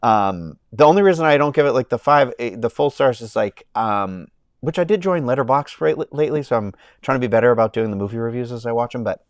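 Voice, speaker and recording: A man's voice: mid-range voice, fast, dry recording, clean studio sound. A young man hosting a casual movie-review livestream, rambling and gushing with lots of fillers and restarts. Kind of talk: casual chat. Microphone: own microphone, close.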